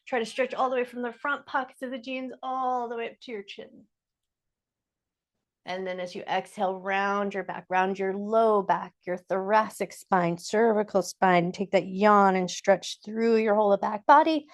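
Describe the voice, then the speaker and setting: A woman yoga instructor leading a guided chair yoga class, giving gentle step-by-step cues in a calm, casual way. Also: mid-range voice. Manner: casual, with fillers like "like" and "just".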